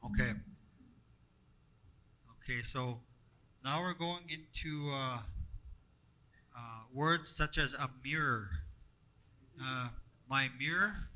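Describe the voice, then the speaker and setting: Halting man teaching a class. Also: mid-range voice, sharp tone, rough recording. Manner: halting, repeats words, asks the group questions. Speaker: language workshop instructor.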